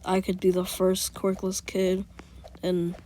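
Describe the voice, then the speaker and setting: A woman voicing a quiet, determined teenage boy in a soft, earnest way. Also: mid-range voice, completely flat delivery, slow pace, a little hiss or hum, natural voice.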